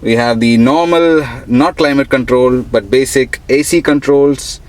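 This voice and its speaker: A man's voice: mid-range voice, measured pace. Chatty young man reviewing a car. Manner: chatty, upbeat, addresses viewers as guys. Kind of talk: casual walkaround car review. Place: car showroom and outdoor lot. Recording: noisy street and car ambience.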